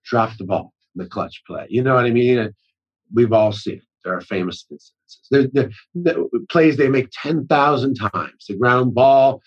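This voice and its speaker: A husky-voiced man in his forties talks loosely and at length. He trips over restarts and slips into acted-out quotes. The audio sounds a little dull and muffled. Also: medium pitch, normal speed. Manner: rambling, self-interrupting with many restarts and acted-out quotes. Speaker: actor-director guest. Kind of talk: casual storytelling conversation.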